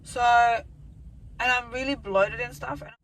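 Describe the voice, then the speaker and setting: A woman's voice: a little high, steady tone, a little slow, a bit bright, slight background noise, rough recording. A woman in her thirties telling a rambling, emotional story straight to camera in a casual vlog update. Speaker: vlogger.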